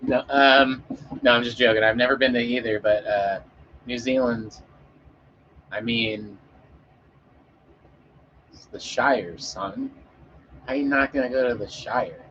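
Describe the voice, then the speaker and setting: A man's voice: mid-range voice, slow pace, pauses often, fairly bright tone, a little hiss or hum. Rambling joking man on a lo-fi mic. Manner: rambling, joking, with frequent swearing and fillers. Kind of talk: casual chat with an audience.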